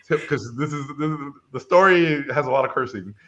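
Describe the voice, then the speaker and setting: A middle-aged man from Mexico, a film director, telling a story in a lively way and acting out the people in it. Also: a little high, brisk, dull audio. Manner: animated, acts out quoted voices. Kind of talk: casual storytelling chat.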